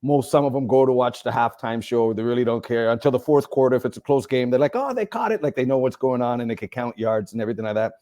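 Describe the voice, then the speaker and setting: A man from Canada, a rapper, guesting on a podcast in easygoing chat. His voice is mellow and sits at a middle pitch for a man. He rambles a little as he talks. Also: steady tone, fast, few pauses. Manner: laid-back, rambling, laughs often. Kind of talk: casual chat.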